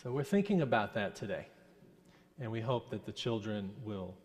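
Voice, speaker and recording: A minister from New Jersey telling a children's story in a worship service, asking the children questions in a gentle teacherly way. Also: male voice, fairly low pitch, big pitch swings, normal speed. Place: church sanctuary. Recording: long church hall reverb.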